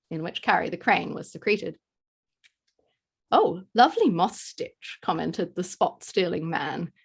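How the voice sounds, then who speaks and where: A woman's voice: mid-range voice, a bit bright, husky. A woman reading a story aloud as narrator, giving small voice shifts to quoted characters. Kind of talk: scripted narration.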